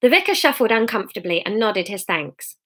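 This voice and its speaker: A woman reading her own comic novel aloud on a home live stream, lively and chatty, laughing at her own slips between passages. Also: mid-range voice, a little fast.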